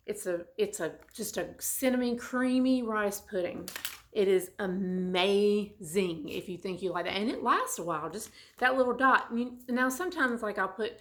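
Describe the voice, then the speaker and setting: A woman's voice: mid-range voice, a bit bright. A woman vlogger with a Southern US accent, talking casually and rambling with frequent restarts as she shows things to the camera. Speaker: beauty vlogger. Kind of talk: casual chat.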